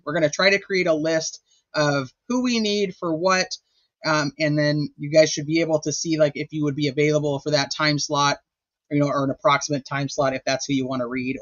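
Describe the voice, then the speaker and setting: A man's voice: fairly high pitch, fairly bright tone, no echo, muffled recording. A man hosting a casual livestream chat, rambling and chatty with lots of filler words. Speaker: host.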